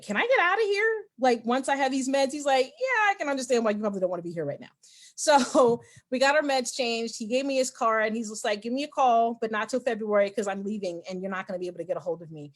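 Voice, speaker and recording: A woman hosting a video call, telling a story in a chatty, animated way and acting out the dialogue of the people in it. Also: a little high, fast. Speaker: meeting host.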